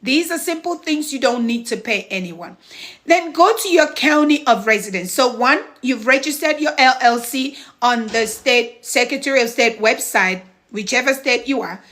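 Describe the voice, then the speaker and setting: Bright, upbeat woman mentoring live. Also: fairly high pitch, expressive, normal speed. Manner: encouraging, chatty, thanks viewers between steps. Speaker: home care business mentor. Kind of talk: live-stream advice chat.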